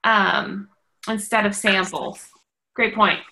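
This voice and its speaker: A woman's voice: mid-range voice, fairly even intonation, takes it slowly, creaky, sharp tone, rough recording. A woman leading a casual team call, speaking in an encouraging way and using fillers often.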